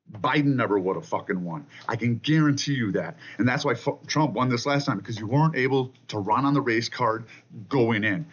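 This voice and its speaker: Male vlogger, combative rant to camera, husky and swearing constantly, muffled lo-fi sound. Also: medium pitch. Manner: profane, combative, repeats "okay?" often. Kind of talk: angry political rant to camera. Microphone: camera mic.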